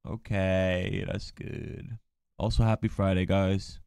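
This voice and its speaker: A man's voice: deep voice, little pitch movement, takes it slowly, creaky, darkish tone, clear, resonant tone, no echo. A man streaming live, chatting casually and trading teasing jokes with his viewers. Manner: joking, teasing banter. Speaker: livestreamer. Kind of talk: casual livestream chat.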